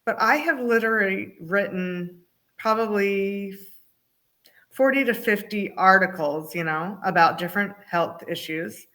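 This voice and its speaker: A woman's voice: mid-range voice, unhurried, sharp tone. Female guest, mid-range voice, humorous storyteller, casual talk show chat. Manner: storytelling, acts out quoted voices, uses humor.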